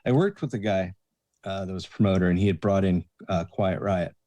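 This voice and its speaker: A man with a low, dark, mellow voice tells bar stories as a podcast guest. He acts out the people in his stories with animated delivery. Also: brisk. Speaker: guest, bouncer and bartender. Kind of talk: casual storytelling chat.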